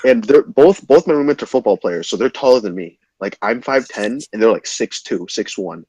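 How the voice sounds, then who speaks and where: A young man casually telling a wild story to his chat, animated and swearing freely. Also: on the low side, slightly rough, dry recording, low-quality recording. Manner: animated, swearing, quick retelling.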